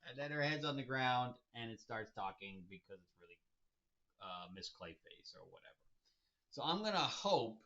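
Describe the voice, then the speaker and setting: A man's voice: medium pitch, sharp tone. A man hosting a casual comic review, rambling and amused, with chuckling asides. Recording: dull lo-fi recording.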